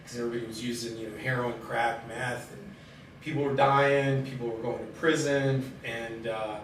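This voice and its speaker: This is personal storytelling in conversation: a middle-aged, mid-range-voiced man candidly and hesitantly relates his own life, pausing a great deal and using many fillers. The mic sits far off in a heavily echoing room with persistent background noise.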